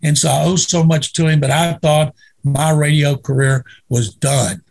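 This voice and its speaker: An older man spins lively stories as an interview guest. His voice sits a touch high and is gravelly, with a husky edge. He acts out the dialogue in his anecdotes. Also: moderate pace. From Waco, Texas. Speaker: guest, retired sportswriter. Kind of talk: storytelling in a casual interview.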